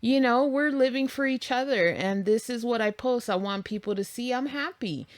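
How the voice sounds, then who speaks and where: A woman's voice: fairly high pitch, normal speed, no room sound. A woman co-hosting a podcast in casual chat, candid and chatty, laughing easily and swearing now and then. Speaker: podcast co-host.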